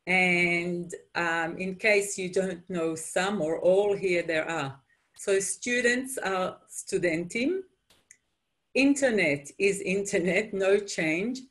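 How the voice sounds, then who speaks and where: A middle-aged woman lecturer with an Israeli Hebrew accent, giving a webinar presentation in a measured, explanatory way with frequent ums. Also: on the low side, a bit bright.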